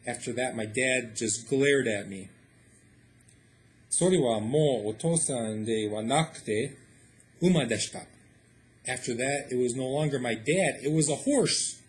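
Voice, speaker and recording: A man's voice: mid-range voice, moderate pace. A man reading a short story aloud and translating it line by line, explaining in a casual way with lots of fillers.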